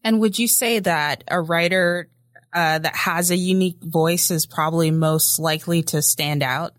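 A woman's voice: lowish voice, steady tone, moderate pace, dry recording, studio quality. A woman hosting a podcast, putting brief, plain questions to a guest. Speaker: podcast host. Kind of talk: interview questions.

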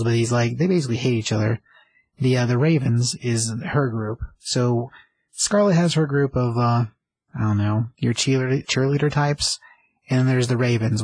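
A man's voice: mid-range voice, creaky, husky, dry recording, rough recording. A man casually retelling a TV episode, rambling with lots of fillers. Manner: rambling, filler-heavy, conversational. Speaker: show recapper.

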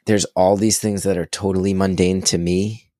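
Brief: man in his thirties, low voice, excitable casual storyteller, dry close mic. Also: normal speed, dry recording. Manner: animated, excitable storyteller, swears freely. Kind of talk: casual conversation.

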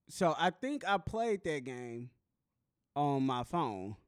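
Smooth-voiced joking podcast co-host. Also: male voice, mid-range voice, sing-song, slow pace, no room sound, studio quality. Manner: joking, easygoing banter. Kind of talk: casual chat.

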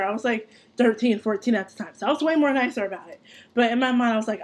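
Young adult woman host, slightly high voice, animated and profane casual storyteller. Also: fast. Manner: animated, profane, laughs through her story.

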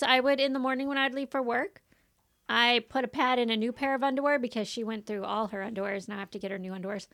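A woman casually telling a story about her daughter, animated and often laughing. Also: a little high. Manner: animated, laughing, acts out quotes.

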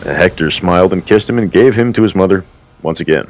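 A man's voice: low voice, brisk, low-quality recording. A man narrating a comedic parody of a classic tale in a storybook tone with irreverent, crude asides.

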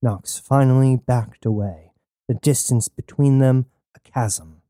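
A man narrating a sci-fi story in steady scripted storytelling. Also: medium pitch, unhurried, dry recording, clean studio sound. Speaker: audiobook narrator.

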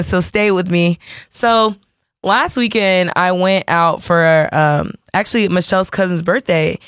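A woman telling a story to her podcast listeners in a lively, expressive way, calling them y'all and playing out each voice in the story. Her voice is close to the mic in a dry room, with no echo. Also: lowish voice. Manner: animated, addresses listeners as y'all, acts out quotes. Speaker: podcast co-host. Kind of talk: casual storytelling chat.

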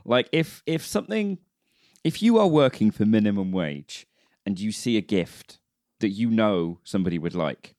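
Low-voiced man, lively and laughing. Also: normal speed, dry recording, studio quality. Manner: laughs often, lively teasing, earnest praise. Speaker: podcast host. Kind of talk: casual chat.

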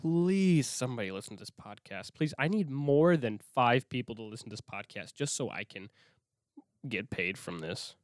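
A man's voice: medium pitch, animated, moderate pace, no echo, studio quality. Rambling, profane young man podcasting. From Minnesota. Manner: rambling, profane, self-interrupting. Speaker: podcast host. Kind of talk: casual solo podcast rant.

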